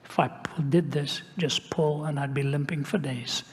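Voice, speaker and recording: An older man telling a story in a sermon, dropping at times to a hushed whisper. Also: fairly high pitch, steady tone, normal speed, in a large hall. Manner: dramatic shifts to a hushed whisper. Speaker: preacher.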